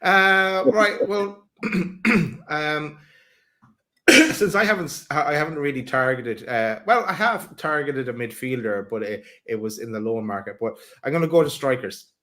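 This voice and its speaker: A man's voice: fairly high pitch, lively intonation, unhurried, sharp tone, slight background noise. A man co-hosting a casual football podcast, talking through transfer wishes with many fillers and restarts. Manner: hesitant, many fillers and restarts, laughs at own picks. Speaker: podcast co-host. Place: home, remote live stream. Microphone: video call mic.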